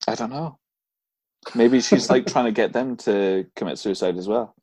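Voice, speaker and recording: A man with a low voice, recorded dry and close, co-hosts a casual podcast. He reads out ghost stories in a relaxed way, breaking into laughs and casual swearing. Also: moderate pace, slightly rough, dry recording. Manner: laughs often and swears freely while reading out stories. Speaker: podcast co-host.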